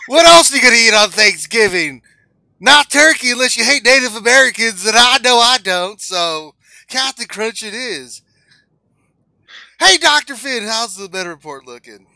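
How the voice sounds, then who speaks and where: A host putting on a brash, loud holiday announcer. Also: animated, normal speed, creaky, no room sound, exaggerated voice. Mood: mock cheerful. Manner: loud, mock-cheerful pitchman delivery. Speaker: co-host doing a mock announcer bit.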